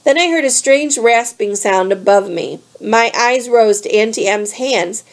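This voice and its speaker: A woman's voice: on the high side, measured pace. Woman reading a novel aloud. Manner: steady, clear storybook reading. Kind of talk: read-aloud narration.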